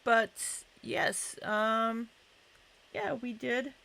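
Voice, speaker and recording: Slow-talking gravelly woman streamer. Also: on the high side, steady tone, bright, forceful tone. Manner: chatty, greets viewers by name. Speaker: livestream host. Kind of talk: casual livestream chat.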